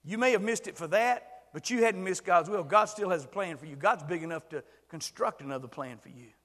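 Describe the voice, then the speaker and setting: An older man preaching a sermon with passion, swinging from hushed words to shouts. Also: high voice, brisk, long reverb tail.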